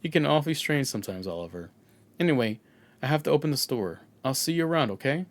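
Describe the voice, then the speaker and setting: A man voicing a shy, kind young girl in a game, in a soft, higher-pitched, gentle voice. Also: expressive, fast talker, natural voice. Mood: friendly.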